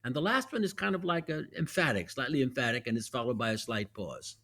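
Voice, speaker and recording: This is a guest actor and professor on a podcast, speaking at medium pitch and a quick pace. He explains verse like a teacher, lively and methodical, walking through examples one step at a time.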